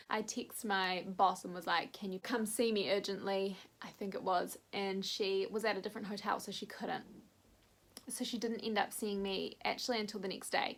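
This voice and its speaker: Young adult woman, candid vlogger, animated storytelling. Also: medium pitch, vocal fry. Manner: candid, animated retelling with quoted voices. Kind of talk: casual storytelling chat.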